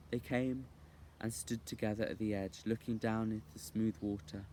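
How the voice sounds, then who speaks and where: A man reading a children's novel aloud as an expressive storyteller. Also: on the low side, moderate pace, a little hiss or hum. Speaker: reader.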